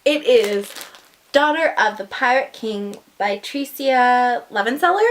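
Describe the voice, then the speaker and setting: A woman chatting casually through an unboxing, gushing and excitable, with gasps and whispered asides. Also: on the high side, slow pace. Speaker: book vlogger.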